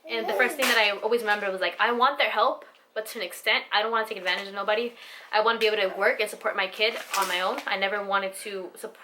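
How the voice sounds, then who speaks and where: A woman's voice: mid-range voice, quick pace, background noise. A young woman, a vlogger and new mother, talking candidly and from the heart to camera, swearing casually and filling her talk with "like" and "you know". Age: young adult.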